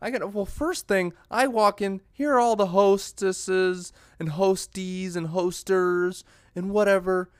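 A young man riffing through a comedic podcast rant, swearing freely and dripping with sarcasm. His voice sits a touch high for a man and sounds close and dry, with no room around it. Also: fairly even intonation, unhurried, few pauses, clear, resonant tone, dry recording. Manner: profane, sarcastic, exasperated. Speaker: podcast host. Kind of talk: comedic ranting monologue.

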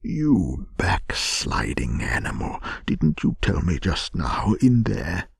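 A man voicing a stern, wise old male badger who lectures gravely, in a whispered bedtime story. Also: sits low, animated, takes it slowly, a little mellow, dry recording, studio quality, heavily acted. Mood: reproachful.

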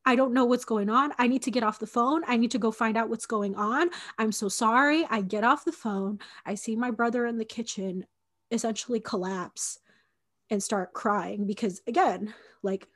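A woman's voice: on the high side, moderate pace, fairly bright tone. Young woman telling a story, chatty and casual. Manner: conversational, frequent "like" and fillers, acts out quoted dialogue. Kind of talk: personal storytelling podcast.

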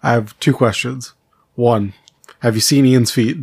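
A man's voice: mid-range voice, steady tone, a little slow, vocal fry, a little mellow, slightly rough. A man co-hosting a podcast, chatting casually and teasing his partner with wisecracking questions. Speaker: podcast co-host.

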